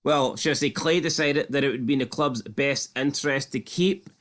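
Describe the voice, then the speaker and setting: A man's voice: medium pitch, normal speed, a bit bright. A man co-hosting a podcast, chatting casually and jokingly about a TV show and swearing freely. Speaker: podcast co-host. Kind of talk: casual TV recap chat.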